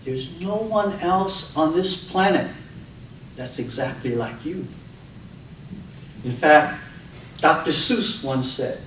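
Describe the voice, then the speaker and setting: A man's voice: a little high, takes it slowly, long pauses, a little hiss or hum. A man giving a speech on public speaking, telling stories expressively and acting out the voices in them. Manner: expressive storytelling, acts out cries and quotes. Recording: echoey room from a distant mic, faint ambience.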